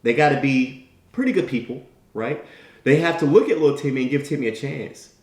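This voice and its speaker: A man's voice: medium pitch, brisk, roomy sound. A man giving a motivational talk, telling a story in a conversational way and acting out the people in it. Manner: animated storyteller acting out quoted characters; conversational, repeats "right?" and "you know". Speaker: motivational speaker.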